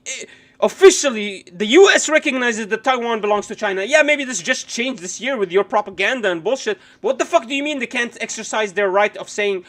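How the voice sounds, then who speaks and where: A man's voice: high-pitched, fairly bright tone. A man live-streaming his reaction to a news clip, ranting indignantly and swearing often.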